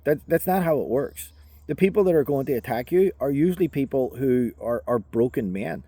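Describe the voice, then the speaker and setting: A man's voice: mid-range voice, animated, brisk, mellow, no echo. A man with a Northern Irish accent, a self-defense instructor telling a personal story in a casual, conversational way with many fillers. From Northern Ireland.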